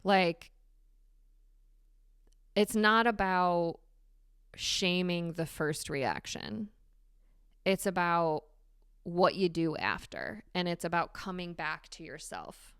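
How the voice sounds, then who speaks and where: Lady doing a solo podcast, kinda low voice, swears a lot, gets animated. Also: takes it slowly, long pauses, smooth, no echo, studio quality. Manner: candid, swears freely, animated emphasis. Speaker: podcast host. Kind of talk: casual solo podcast monologue.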